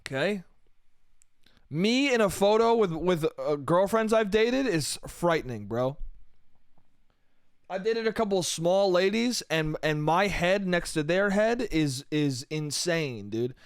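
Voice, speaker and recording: A young man with a high, animated, smooth voice hosts a solo comedy podcast at an unhurried pace. He rambles and mocks himself, swears freely, and calls the listener bro and dude. The studio-quality recording has no room sound.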